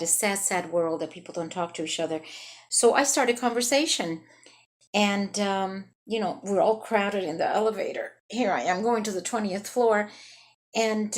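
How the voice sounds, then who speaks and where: A woman's voice: mid-range voice, low-quality recording. A woman improvising a comedic monologue, talking in a hyper, chatty way and laughing through her story.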